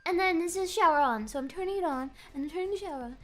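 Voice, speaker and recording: A woman streamer chatting casually in a joking, rambling, animated way. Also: very high voice, very fast, soft background music. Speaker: VTuber streamer.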